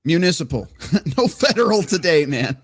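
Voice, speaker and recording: A man's voice: fairly high pitch, moderate pace. A man hosting a casual call-in show, talking loosely, swearing now and then, and reading viewer chats aloud. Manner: relaxed, swears casually, reads chat aloud. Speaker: host.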